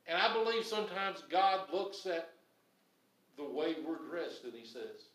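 Male pastor, high voice, emphatic preaching with repetition; roomy, distant church recording. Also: animated, measured pace. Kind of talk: sermon. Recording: echoey room, voice from off-mic.

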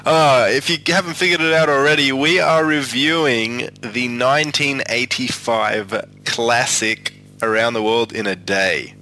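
A man's voice: medium pitch, fairly even intonation, measured pace, hardly any pauses, pushed and bright, a little hiss or hum, rough recording. A man hosting a music podcast, talking casually with many fillers and restarts. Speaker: podcast host.

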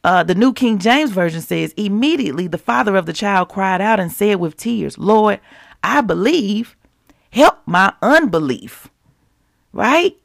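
A woman teaching scripture on a devotional podcast, talking casually and directly to listeners and slowly repeating verses for emphasis. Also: medium pitch, animated, vocal fry, no room sound, clean studio sound. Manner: conversational, preachy, keeps it real with listeners. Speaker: podcast preacher.

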